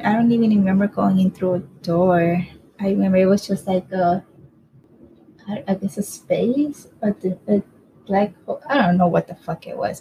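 A woman's voice: medium pitch, gravelly, dark tone, a little hiss or hum, low-quality recording. A woman casually telling a personal story in a rambling way, swearing freely and often asking "right?".

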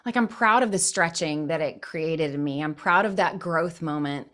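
A woman's voice: deep voice, moderate pace, fairly bright tone. A middle-aged woman, a counselor and author, speaking as a podcast guest in an encouraging, reflective way. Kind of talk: conversational interview.

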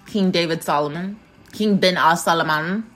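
A woman's voice: lowish voice, normal speed, soft background music. Profane rambling woman podcaster. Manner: gives shout-outs to listeners. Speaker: podcast host. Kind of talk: casual monologue.

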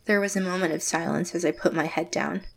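An actress playing a closed-off, reserved young woman, narrating her story in first person in a quiet, measured way. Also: fairly low pitch, fairly even intonation, vocal fry. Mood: guarded. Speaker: narrator and lead character.

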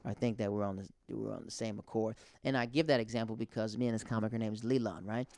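A man's voice: on the low side, steady tone, fast, darkish tone, no room sound. Rambling young man, dry close sound. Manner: rambling, conversational, filler-heavy. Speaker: podcast host and stand-up comic. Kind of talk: casual monologue.

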